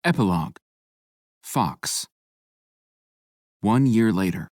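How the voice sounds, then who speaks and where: A man narrating a romance audiobook in a low, intimate, measured voice. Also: dry recording. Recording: dry close studio mic.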